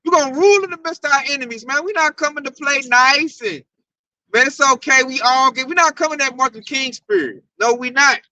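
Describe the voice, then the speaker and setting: A man with a Southern US accent preaches scripture in loud, hyped-up street slang. His voice sits very high and sounds sharp and bright. He is a bit far from the mic in a dry space. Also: fairly quick, no room sound. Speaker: Hebrew Israelite teacher. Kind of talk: animated scripture teaching.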